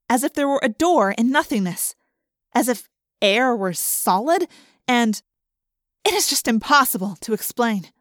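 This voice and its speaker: A woman reading an audiobook aloud in first person, expressive, lifting her voice for the characters' lines. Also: dry recording, studio quality. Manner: expressive, lifting pitch for dialogue. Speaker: audiobook narrator.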